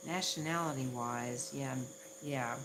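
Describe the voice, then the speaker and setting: A woman's voice: a bass voice, unhurried, noisy background. A woman from the Southern United States with a Southern accent, chatting casually on a livestream and laughing at herself often. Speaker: ASMR livestream host.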